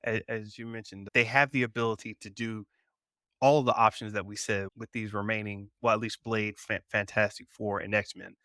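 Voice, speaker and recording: A man co-hosting a casual pop culture podcast, relaxed and conversational, bringing up news items. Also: fairly low pitch, normal speed, no room sound. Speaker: podcast co-host.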